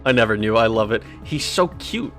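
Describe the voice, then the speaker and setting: A man's voice: fairly low pitch, expressive, a little fast, a bit bright, soft background music. A man streaming a game live, rambling with stammered restarts, frequent laughs and casual swearing.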